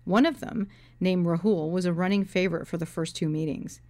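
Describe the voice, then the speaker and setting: A woman's voice: on the low side, brisk, darkish tone. A woman in her thirties, an author, telling her own story with dry humor and reading from her novel. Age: 30s.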